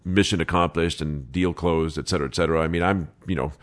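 A man who is a real estate agent, telling anecdotes in an interview, lively and laughing, quoting people as he goes. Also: a bass voice, quick pace. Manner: animated anecdotes with laughs and quoted dialogue. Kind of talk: interview storytelling.

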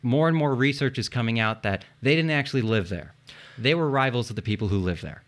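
A man's voice: mid-range voice, a little fast. A man hosting a casual history podcast, explaining events with jokes and swearing, spelling tricky names aloud. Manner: joking, swears, spells words out loud. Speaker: podcast host telling history.

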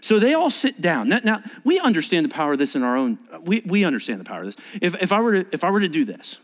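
A man preaching a sermon as pastor, animated and acting out scenes, often restarting his words. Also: a little high, fast talker, big-room sound.

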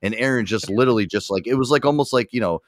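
A man's voice: medium pitch, very fast, no room sound, clean studio sound. A man casually telling a crude story with lots of swearing, as a podcast co-host. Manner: lively, swearing, laughing storyteller.

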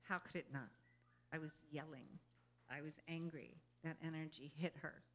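A woman with a bright, forceful voice gives an inspirational talk to a group. She speaks earnestly and conversationally, keeps checking in with her listeners, and laughs easily between thoughts. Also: sits low, steady tone, moderate pace. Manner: earnest and conversational, often asking "you know?". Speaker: spiritual speaker.

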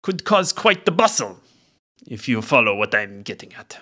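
A man plays a slick bard in his late thirties with a lifted, bright voice and bouncy intonation. He schmoozes in genial, insinuating patter, a tabletop game figure always making a pitch. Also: wildly swooping pitch, moderate pace, exaggerated voice. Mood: scheming. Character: smooth-talking male bard, late thirties, waxed mustache.

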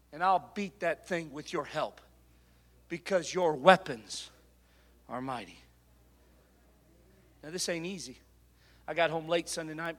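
A middle-aged male preacher delivering a sermon, moving between quiet personal storytelling and loud, impassioned exhortation. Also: fairly high pitch.

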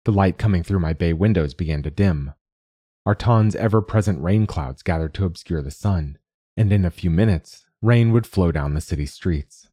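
A man narrating a short story in a steady, measured way. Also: deep voice, husky, no room sound, clean studio sound. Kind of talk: scripted narration.

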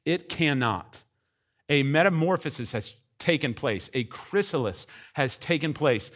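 A man preaching a sermon as pastor, emphatic, with wide swings between quiet and loud. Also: a little high, animated, a little slow.

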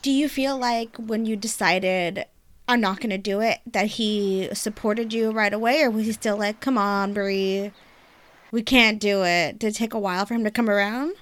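A woman interviewer with an ordinary mid-range voice asks soft, probing follow-up questions. She keeps her tone gentle and curious. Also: medium pitch, fairly even intonation, moderate pace.

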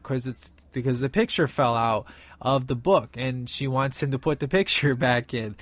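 A man's voice: medium pitch, moderate pace, dry recording. A man casually recapping his favorite film scenes, enthusiastic and rambling with many fillers. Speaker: film reviewer.

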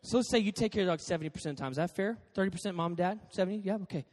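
Male pastor, high voice, lively jokey sermon storyteller, echoing church hall. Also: racing. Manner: animated, joking storyteller. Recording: long hall reverb.

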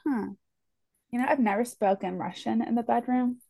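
Woman cohost on a book podcast, kinda high voice, dry close sound, lots of "like". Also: normal speed, gravelly, warm tone, no room sound. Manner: chatty, with restarts and lots of "like". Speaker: podcast co-host. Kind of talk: casual book-podcast chat.

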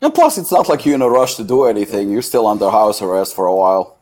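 A man's voice: on the low side, very animated, fast, a little mellow. A man chatting on a podcast, blunt and swearing freely. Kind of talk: casual podcast chat.

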